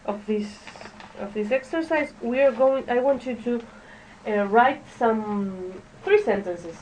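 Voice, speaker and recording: A fairly high-voiced woman leads a classroom pronunciation drill, talking very slowly and haltingly and asking the class to repeat words. She is picked up from a distance in the room. Faint noise sits under her voice. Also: a little mellow. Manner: slow, halting, checks in with "okay?" and has the class repeat words. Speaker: English teacher.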